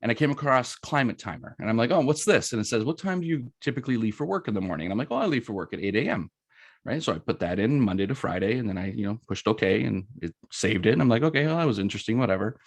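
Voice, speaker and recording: Chatty Canadian man, low voice. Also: lively intonation, quick pace, creaky, dry recording. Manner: chatty, storytelling, lots of fillers and "right?". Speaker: presenter. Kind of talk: casual presentation.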